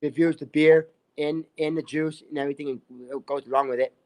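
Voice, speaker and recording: A man's voice: a little high, fairly even intonation, brisk, darkish tone. A man telling a rambling story in casual chat, restarting phrases and filling with "like". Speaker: livestream guest.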